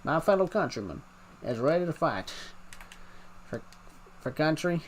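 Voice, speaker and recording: A man's voice: a little high, sing-song, measured pace, voice pushed up. A man putting on a rousing Texan speechmaker.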